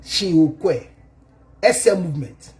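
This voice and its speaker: A man's voice: a little high, animated, slow pace, a little mellow. A man, a counselor, gives a thank-you and advice speech with emphatic delivery, mixing languages and laughing at his own jokes.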